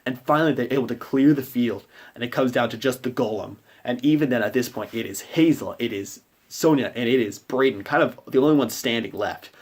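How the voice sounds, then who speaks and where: A man recounts a tabletop game session he ran as game master, in a loose, rambling way. His voice sits at an ordinary middle pitch. He acts out his players' reactions as he goes. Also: brisk, hardly any pauses, breathy edge.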